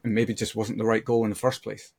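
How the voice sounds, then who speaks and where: A man in his fifties, a podcast guest speaking thoughtfully in a halting way, with many restarts. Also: lowish voice, level tone, gravelly, background noise. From United Kingdom. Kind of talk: reflective conversation.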